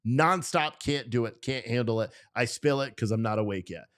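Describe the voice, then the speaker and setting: A man in the middle range of pitch hosts a loose, unscripted livestream. He talks off the cuff and swears freely. He rants with blunt put-downs and often laughs at himself. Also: a bit bright, smooth. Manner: profane, ranting, quick to laugh at himself. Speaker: livestream host reading chat. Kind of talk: casual unscripted livestream talk.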